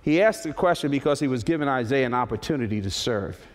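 A male pastor preaching a sermon, building to loud high peaks and then dropping to slow, quiet emphasis. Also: animated. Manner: preaching with sudden swells to high, loud climaxes and soft, slow drops. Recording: long hall reverb.

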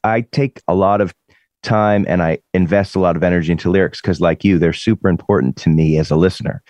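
Casual musician guest in his forties, from Boston, low voice, dry close mic, rambling and restarting. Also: fast, no echo, muffled recording. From Boston area, USA. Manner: rambling, restarts, animated impressions. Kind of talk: casual interview chat.

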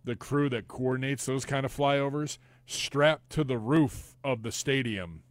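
Male sports co-host, relaxed storyteller, mid pitch, dry sound. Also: a little slow, dry recording. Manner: relaxed storyteller, stumbles on first words. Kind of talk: casual sports chat.

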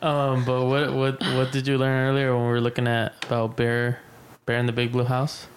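A young man chatting casually with his family, rambling and halting as he jokes. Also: medium pitch, completely flat delivery, slight background noise. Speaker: son.

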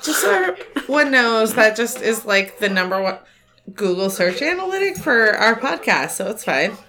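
A woman's voice: on the high side, very animated, bright, forceful tone. A young woman co-hosting a podcast, chatting casually and joking while she has the hiccups. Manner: joking, quick, laughs often. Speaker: podcast co-host. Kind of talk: casual chat while watching a show.

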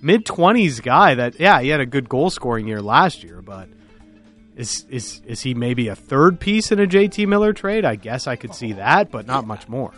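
A man co-hosting a casual podcast chat, giving opinions in a measured way with some restarts. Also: mid-range voice, very animated, a bit bright, faint music behind. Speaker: podcast co-host, hockey analyst.

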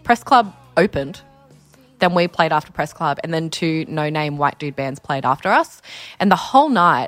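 A young Australian woman tells stories in a casual interview, talking fast and acting out what others said. Her voice sits a little low. Faint music plays under her. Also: no room sound. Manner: chatty, animated storytelling with lots of "like" and acted-out quotes. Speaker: musician guest.

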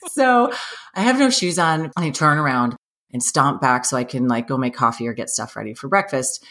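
A woman in her thirties telling a funny personal story in casual chat, animated and self-mocking, laughing often. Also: a bass voice, brisk.

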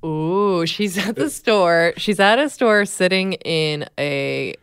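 Low-voiced wry podcast co-host woman. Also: animated, slow, smooth, no room sound. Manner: wry, amused, laughs often. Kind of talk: casual chat.

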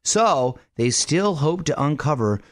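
A man hosting a radio show in a studio, talking in energetic, playful banter and laughing often. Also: on the high side, measured pace, dry recording. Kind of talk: upbeat radio banter and promos.

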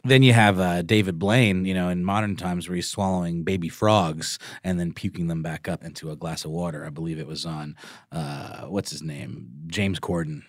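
A man's voice: low voice, fairly even intonation, moderate pace, no echo, studio quality. A man co-hosting a podcast in easygoing, amused casual chat. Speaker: podcast co-host.

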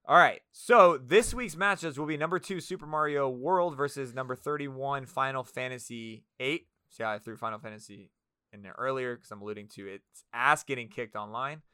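A man hosting a casual podcast, energetic, crude and rambling. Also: medium pitch, moderate pace, clean tone, no room sound, clean studio sound. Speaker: podcast host.

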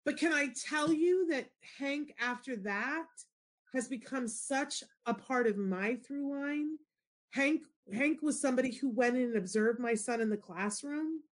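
A middle-aged woman hosting a show, telling a story in casual chat and acting out the people in it. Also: measured pace. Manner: expressive, shifts into high excited squeals when retelling. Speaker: show host.

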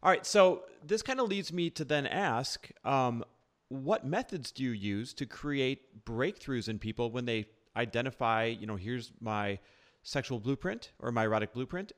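A man's voice: medium pitch, moderate pace. A man hosting a podcast, interviewing a guest with enthusiasm and asking long questions. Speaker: podcast host.

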